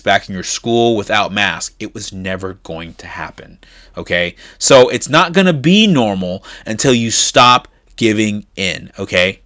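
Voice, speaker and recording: Male commentator, middle pitch, emphatic and insistent, dry booth-like sound. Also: a bit bright, no room sound. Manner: emphatic, repeats "okay?" for stress; insistent, rising in intensity. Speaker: political commentator. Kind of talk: opinion monologue.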